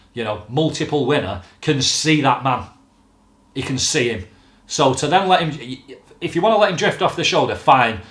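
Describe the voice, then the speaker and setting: A man rants bluntly to camera as the host of a fan channel, swearing freely as he makes his points. His voice sits in a middling pitch. The sound bounces around an echoey room. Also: a bit bright. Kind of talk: casual football rant to camera.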